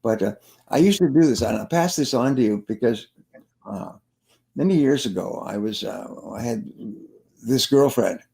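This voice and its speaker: A man's voice: mid-range voice, expressive, moderate pace, creaky, mellow. A man, a sales trainer and motivational speaker, telling stories in an interview and repeating his key phrases for emphasis. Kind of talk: interview storytelling.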